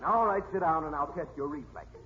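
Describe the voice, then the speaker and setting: An actor playing a brisk police doctor with a dry wit in a 1940s radio comedy. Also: male voice, on the high side, big pitch swings, a crowd in the background. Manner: brisk, wisecracking. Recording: dull old radio broadcast with hiss.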